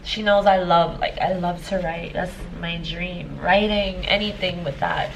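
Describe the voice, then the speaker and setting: A woman's voice: fairly low pitch, fairly even intonation, a little slow, slight background noise, rough recording. A woman in her thirties, a life coach, telling a personal story in a casual vlog, emotional and rambling with many fillers. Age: 30s. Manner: emotional, tearful at times.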